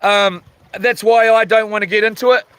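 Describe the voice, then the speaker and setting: A man's voice: high voice, fairly even intonation, moderate pace, fairly bright tone, clean tone, dry recording, rough recording. A man with a New Zealand accent hosting a casual live stream, reading chat comments in a laid-back way with lots of ums and chuckles.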